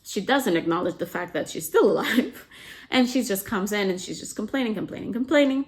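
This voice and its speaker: A woman's voice: mid-range voice, lively intonation, fairly quick. A woman casually retelling a novel's plot as a book summary host, chatty and full of "like" fillers, briefly acting out what the characters say. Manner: chatty, frequent "like" fillers, acts out quotes.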